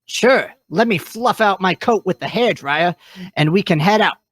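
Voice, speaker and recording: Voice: mid-range voice, expressive, normal speed, a bit bright, slightly rough, no echo. A reader voicing a friendly male gerbil sidekick in a live fan fiction read-through, in an easygoing, chummy tone.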